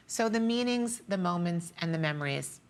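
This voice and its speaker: A woman on a shopping channel giving a sentimental, repetitive sales pitch for jewelry, tearing up as she talks. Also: animated, moderate pace, slight background noise. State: teary. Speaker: jewelry designer and shopping show guest.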